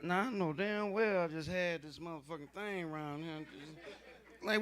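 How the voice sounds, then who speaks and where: A man doing a profane, conversational stand-up comedy set on a club stage, slipping into gruff voices for arguing old men. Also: a little high, normal speed, a bit bright, some chatter behind. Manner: profane, loose, conversational delivery with asides to the audience.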